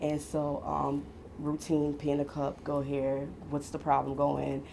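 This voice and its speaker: A woman's voice: sits low, unhurried, gravelly, slight background noise. A woman in her thirties casually telling a personal story, acting out what others said. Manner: animated, acts out quoted voices, laughs often.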